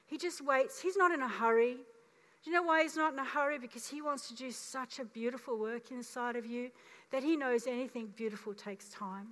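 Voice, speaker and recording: High-voiced woman pastor in a reverberant church. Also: brisk. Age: 50s. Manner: animated storytelling, acting out voices. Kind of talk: sermon. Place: church auditorium. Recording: long reverb of a church hall.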